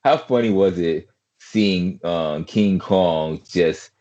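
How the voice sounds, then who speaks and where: A man's voice: deep voice, takes it slowly, mellow, dull audio. A man hosting a podcast in casual chat, rambling with lots of fillers and restarts over an online call. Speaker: podcast host.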